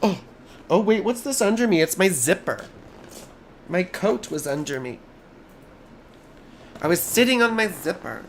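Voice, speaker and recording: A hoarse American man doing a live astrology chart reading, rambling and easily sidetracked, with jokey asides. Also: high voice, expressive, measured pace, pauses often, slight background noise.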